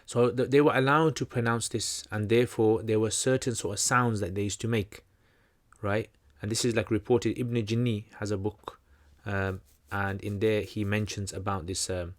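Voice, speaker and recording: Low-voiced man explaining casually. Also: steady tone, moderate pace. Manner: loose, conversational explaining with many fillers and restarts. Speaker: channel host answering questions. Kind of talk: livestream Q&A teaching.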